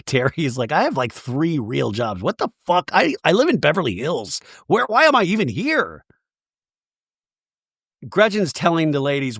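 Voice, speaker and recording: A man's voice: a little high, no room sound, studio quality. A man hosting a podcast, recapping a reality show in a casual, comic way and acting out the cast's lines. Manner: animated, quotes cast members in exaggerated voices, swears.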